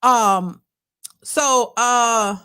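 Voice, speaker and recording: Woman, slightly high voice, reaction host, casual commentary, animated, colloquial, repeats herself. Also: very slow, clear, resonant tone.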